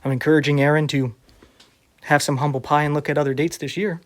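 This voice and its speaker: A man's voice: on the high side, steady tone, fast. A man who preaches online, reading viewer comments aloud and answering them in a sarcastic, defensive way.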